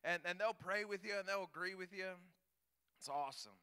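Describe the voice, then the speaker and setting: A man preaching a sermon, telling stories with animated enthusiasm. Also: sits high, fairly quick, smooth. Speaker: pastor.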